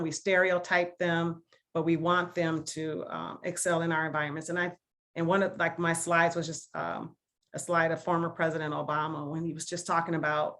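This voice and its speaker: A woman's voice: fairly low pitch, fairly bright tone. Earnest milwaukee woman on a video call, keeps hammering her point home. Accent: Milwaukee, Wisconsin. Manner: earnest and emphatic, leaning on repeated phrases. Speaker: guest speaker. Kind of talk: casual talk to a video call discussion.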